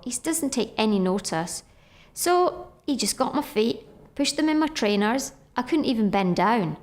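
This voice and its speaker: A woman's voice: on the high side, expressive, moderate pace, a little mellow. Middle-aged woman telling her story earnestly. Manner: earnest, reliving moments in inner-voice quotes. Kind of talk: personal storytelling.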